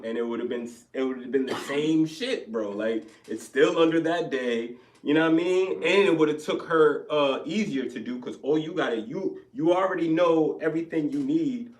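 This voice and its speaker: Brief: young man, casual podcast storyteller, animated and profane, a bit off-mic in a roomy space. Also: on the high side, far from the mic. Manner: animated, profane, acts out both sides of arguments. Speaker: podcast co-host. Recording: echoey room, off-mic.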